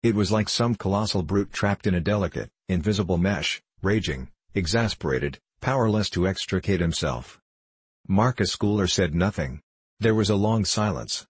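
Low husky guy reading a novel aloud, steady and measured, dry close recording. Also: dry recording. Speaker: audiobook narrator. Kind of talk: scripted narration.

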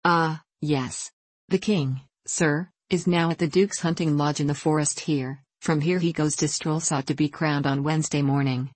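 A talkative, headstrong old landlady from a storybook, read by a woman in a low, dry voice. She runs on about her opinions and scolds freely. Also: steady tone, normal speed, darkish tone, dry recording. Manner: outspoken and scolding. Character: garrulous stubborn old female innkeeper.

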